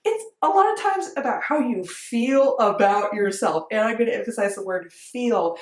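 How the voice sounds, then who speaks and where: A woman who coaches dancers, talking to camera in an earnest, emphatic, conversational way. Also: mid-range voice. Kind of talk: direct-to-camera coaching talk. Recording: echoey room.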